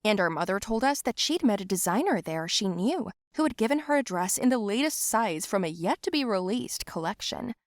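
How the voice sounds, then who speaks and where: A woman narrating a first-person animated story with expressive, animated delivery. Her pitch sits in the middle range. The recording is dry and close. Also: a little fast, few pauses, dry recording.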